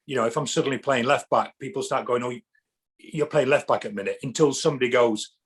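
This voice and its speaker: A man guesting on a podcast in casual chat, telling animated stories and acting out what people said. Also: medium pitch, fast, breathy edge. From England. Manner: animated storyteller, acts out quotes, many restarts.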